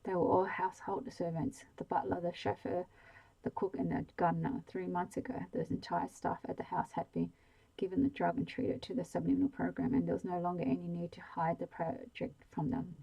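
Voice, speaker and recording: A woman reading a novel aloud in a soft-spoken ASMR bedtime style, slow and hushed. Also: on the low side, little pitch movement, gravelly, breathy edge, rough recording. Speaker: storyteller.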